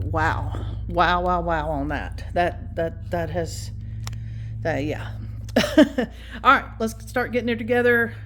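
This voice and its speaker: A woman's voice: fairly high pitch, darkish tone. A woman chatting casually and enthusiastically through an unboxing and assembly of a Halloween prop, with frequent fillers.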